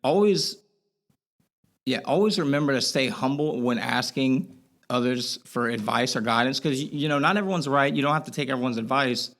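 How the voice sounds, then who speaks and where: A man's voice: medium pitch, brisk, fairly bright tone. A young man as a podcast guest, talking earnestly and rambling in a candid interview, with lots of fillers and restarts.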